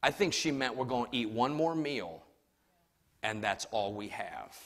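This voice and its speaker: A middle-aged male pastor preaching a sermon. He tells stories with emphasis, swinging from shouts down to hushed asides. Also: mid-range voice, animated, unhurried.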